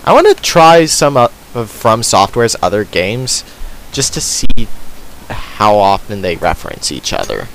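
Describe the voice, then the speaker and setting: A man's voice: lowish voice, wildly swooping pitch, measured pace, fairly bright tone, a little hiss or hum, poor audio. A man hosting a let's play, giving casual gaming commentary in a sarcastic, self-deprecating mutter.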